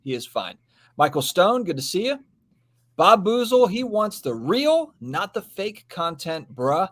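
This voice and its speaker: A man hosts a relaxed live stream, chatting aimlessly and greeting viewers as he reads their comments aloud. His voice is high and sing-song, fairly bright, and a little slow. He's a podcast host with an easygoing, meandering style.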